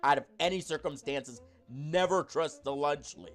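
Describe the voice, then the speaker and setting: A man's voice: a little high, moderate pace, fairly bright tone, faint music behind. A man ranting into a camera at home, rambling with lots of fillers and swearing. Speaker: YouTuber in a clip. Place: indoors at home, talking to a camera.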